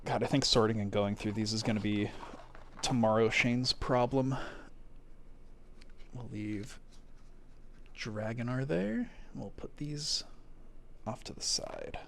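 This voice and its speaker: A man chatting casually on a live stream while opening card packs, thinking aloud and breaking into quick excited exclamations. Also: fairly low pitch, gravelly, slight background noise.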